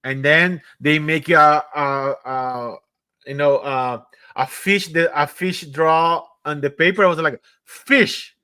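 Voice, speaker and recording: A man, hosting a casual live interview and asking chatty, rapid questions. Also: fairly high pitch, sharp tone, clear, resonant tone, no echo. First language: Portuguese. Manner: chatty, quick-firing questions. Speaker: host.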